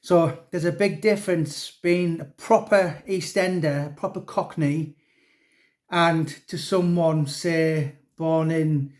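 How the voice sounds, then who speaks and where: Bloke rambling on about his book, kinda high voice, lots of ums and restarts. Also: fairly even intonation, slow pace, a little mellow. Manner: rambling, chatty, many restarts and fillers. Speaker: author. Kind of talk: casual chat.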